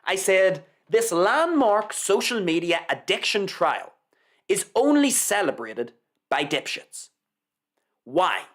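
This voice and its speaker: A man's voice: high-pitched, sing-song, slow pace, a bit bright. A man hosting a live show, reading a news article aloud with sarcastic, mock-reverent commentary and repeating lines for effect. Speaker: host.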